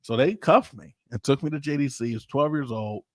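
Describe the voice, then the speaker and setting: Storytelling pastor with a dry sound. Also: male voice, mid-range voice, fairly quick, dry recording. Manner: animated, informal, acts out quoted people. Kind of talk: casual storytelling.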